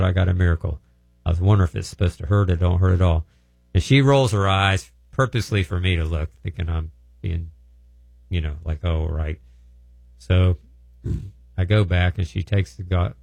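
A man's voice: low-pitched, gravelly, dark tone, no echo. A man telling healing testimonies in a plainspoken, folksy, rambling way. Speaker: healing ministry speaker. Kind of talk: testimony storytelling.

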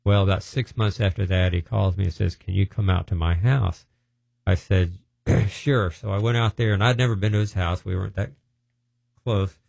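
Man, middle-aged, deep gravelly voice, rambling testimony style. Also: steady tone, normal speed, darkish tone, no room sound. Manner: rambling storytelling with restarts. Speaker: preacher sharing healing testimonies. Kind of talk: informal testimony talk.

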